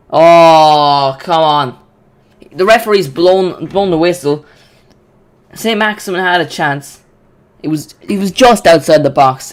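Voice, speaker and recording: Excitable man hosting a match watch-along. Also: on the high side. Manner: excitable, chatty, rambling with restarts. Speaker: live watch-along host. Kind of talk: live football watch-along commentary.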